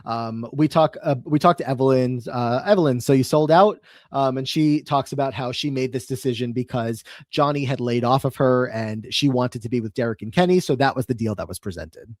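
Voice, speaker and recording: A man's voice: medium pitch, fairly quick, hardly any pauses, dry recording, studio quality. Man recapping events on a podcast. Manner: recaps events with ums and uhs, steady. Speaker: podcast co-host.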